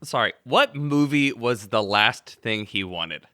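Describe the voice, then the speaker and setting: A man's voice: mid-range voice, expressive, a little slow, pushed and bright, no echo, studio quality. A man co-hosting a podcast, chiming in with wry jokes in casual chat. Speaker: podcast co-host.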